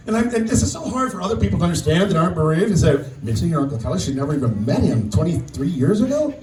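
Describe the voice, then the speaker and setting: Older man giving a halting memorial speech. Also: a little high, sing-song, darkish tone. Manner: halting, often repeats words. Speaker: guest speaker. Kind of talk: memorial speech, personal storytelling. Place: outdoor memorial gathering. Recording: distant echoey sound with faint noise.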